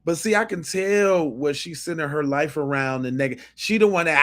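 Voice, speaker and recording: A male podcast host reacting to clips in a blunt, cursing way, with a fairly high voice for a man. He restarts his sentences again and again as he makes his point. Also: moderate pace, hardly any pauses, a bit bright. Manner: blunt, profane, repeats and restarts phrases. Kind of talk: commentary on played video clips.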